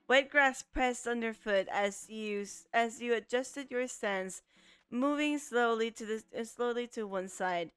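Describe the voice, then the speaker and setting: A woman's voice: on the high side, slow pace, fairly bright tone, clear, resonant tone, no echo, faint music behind. A woman streaming a visual novel, reading its narration aloud and often stumbling and restarting over the words. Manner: reads with frequent stumbles and restarts. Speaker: let's play streamer.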